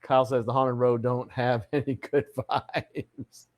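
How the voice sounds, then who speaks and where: A man's voice: mid-range voice, level tone, unhurried, a little mellow. A man hosting a casual live chat show, greeting viewers with showman flair and reading their comments aloud. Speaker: livestream host.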